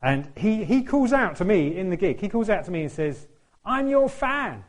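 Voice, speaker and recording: A man's voice: high voice, big pitch swings, a little fast, a little mellow. Chatty man telling a story. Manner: chatty, self-deprecating, laughs often, acts out quotes. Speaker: church speaker. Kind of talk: anecdotal sermon storytelling.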